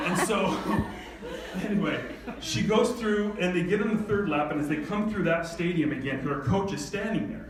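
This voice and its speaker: A man's voice: high-pitched, a little fast, very noisy. Man telling a story from far off in an echoey hall. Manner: animated storytelling with laughter. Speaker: speaker. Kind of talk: personal story told to an audience.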